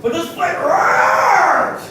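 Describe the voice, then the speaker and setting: A man preaching a sermon, shouting his points with many "uh" fillers and then dropping to quiet asides. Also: very high voice, sing-song, very slow. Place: church hall. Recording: echoey hall picked up from far off, faint hiss.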